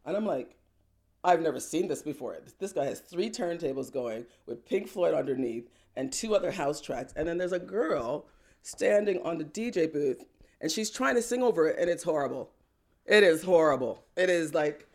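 An animated woman recounts her path as a singer, her voice jumping with laughter and playful acted-out quotes. She talks in a casual, unscripted interview manner. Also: sits low. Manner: lively, laughs often, acts out quotes. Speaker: singer-songwriter guest. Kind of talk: animated personal storytelling.

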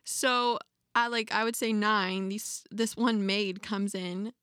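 Bright-voiced young woman. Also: medium pitch, takes it slowly, clean tone, no room sound, studio quality. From Canada. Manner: lively storyteller, laughs between phrases. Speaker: podcast co-host. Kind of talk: casual chat.

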